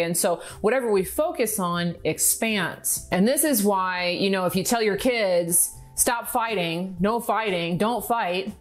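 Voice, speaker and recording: Upbeat woman teaching, faint music behind. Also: mid-range voice. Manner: upbeat, instructive, slows to stress key words. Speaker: manifestation coach. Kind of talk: direct-to-camera teaching vlog.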